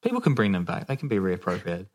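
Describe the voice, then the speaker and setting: A man's voice: low-pitched, wildly swooping pitch, fast talker. A man co-hosting a podcast, telling a story in a laid-back, casual way, laughing often and swearing now and then. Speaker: podcast co-host.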